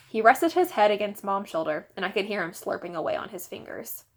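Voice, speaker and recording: A woman teacher reading a children's novel aloud with expressive, animated storytelling. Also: medium pitch, a little fast, hardly any pauses.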